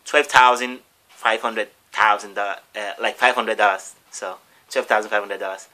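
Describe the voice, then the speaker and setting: A man's voice: on the low side, steady tone, normal speed, bright, forceful tone. A man vlogger telling a long story casually, rambling with restarts and acting out the people in it. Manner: rambling, restarts and acts out all the voices.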